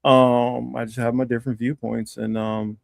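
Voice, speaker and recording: Gravelly dude rambling on a stream, lots of ums, dry close sound. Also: male voice, mid-range voice, flat delivery, no room sound. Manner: rambling, halting, many fillers. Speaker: livestream co-host. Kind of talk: casual chat.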